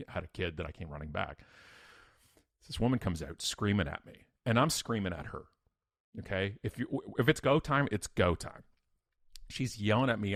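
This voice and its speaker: A man's voice: low voice, a bit bright, dry recording, studio quality. A middle-aged man, a podcast guest telling a personal story in a blunt, emphatic, self-mocking way. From Canada.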